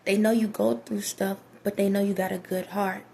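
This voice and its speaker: A woman's voice: medium pitch, flat delivery, moderate pace, vocal fry, mellow, a little hiss or hum. A woman vlogger giving casual spiritual advice to her viewers, emphatic and preachy, often repeating herself.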